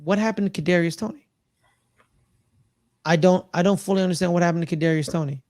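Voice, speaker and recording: A man co-hosting a casual sports podcast, rambling and excitable, often repeating himself. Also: high voice, quick pace, no echo. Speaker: podcast co-host.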